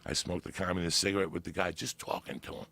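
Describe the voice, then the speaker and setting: Guy with a real low gravelly voice, swearing a lot, animated story on a podcast. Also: fast. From New Jersey. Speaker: podcast guest. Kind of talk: casual storytelling.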